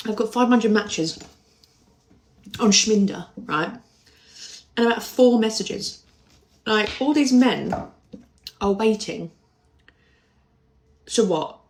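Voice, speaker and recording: A woman's voice: medium pitch, animated, takes it slowly, pauses often. Exasperated woman, sarcastic rant. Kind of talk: casual vlog rant.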